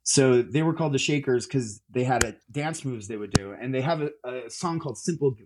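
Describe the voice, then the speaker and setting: A man's voice: medium pitch, brisk, heavy background noise. Rambling man telling a story. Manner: rambling, with many fillers and restarts. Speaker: musician guest. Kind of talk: casual interview chat.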